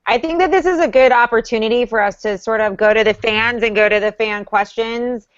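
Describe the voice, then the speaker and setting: A woman's voice: on the high side, fairly quick, clear, resonant tone, no echo, highs cut off. A woman hosting a casual online chat, steering the talk and often restarting her sentences. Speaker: livestream co-host. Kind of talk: casual group chat about a reality show.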